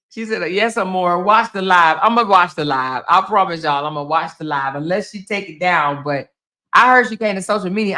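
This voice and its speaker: A woman hosting a casual livestream, reading viewer comments aloud and laughing, teasing and swearing freely as she talks straight to her viewers. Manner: animated, swinging between loud exclaims and low asides. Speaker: blogger and livestream host.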